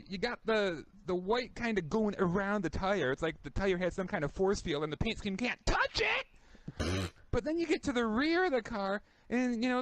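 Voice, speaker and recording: High, animated man ranting on a podcast. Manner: animated ranting with stumbles and exclamations. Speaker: podcast co-host. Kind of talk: casual podcast commentary.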